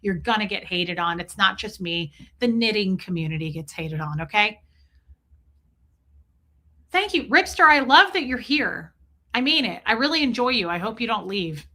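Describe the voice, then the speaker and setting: Chatting casually on her livestream, a middle-aged Midwestern woman reads out viewer comments at a normal speed. Her voice sits mid-range with lively intonation and a pushed, bright quality; she hails from Nebraska and was raised in the Kansas City area.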